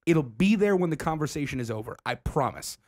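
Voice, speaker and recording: Lively man on an earnest rant. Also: a little high, brisk. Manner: earnest, preachy ranting. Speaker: podcast co-host. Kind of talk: casual chat.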